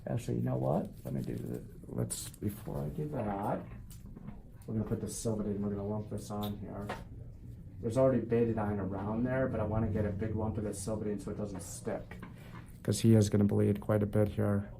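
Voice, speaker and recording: Over a noisy background, a male foot doctor explains a procedure as he works on a patient in a clinic treatment room. His voice is on the low side and creaky, his pace brisk, and his manner calm, with jokes for the patient.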